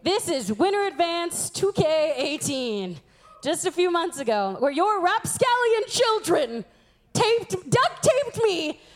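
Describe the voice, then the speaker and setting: A woman in her twenties giving an animated sermon, acting out the voices she quotes. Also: very high voice, measured pace. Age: 20s.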